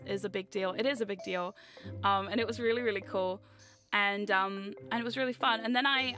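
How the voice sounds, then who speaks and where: Young woman, New Zealand accent, chaotic streamer, loud and bright, a bit high, faint music under. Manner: chaotic, loud, laughs often, bursts into screams. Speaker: VTuber streamer. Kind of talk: casual livestream chat.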